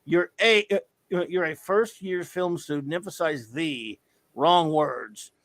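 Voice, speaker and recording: Male co-host, slightly high voice, joking and rambling, casual chat, dead-dry room. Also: measured pace, a bit bright, dry recording. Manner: joking, rambling, full of fillers. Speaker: podcast co-host. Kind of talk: casual chat, reading listener reviews.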